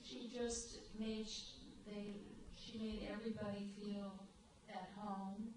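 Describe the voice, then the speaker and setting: A woman on a library panel recalling a friend, speaking in an unhurried way with pauses. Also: mid-range voice, little pitch movement. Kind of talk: reminiscing on a panel. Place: library event room. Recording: echoey hall from far off with noise.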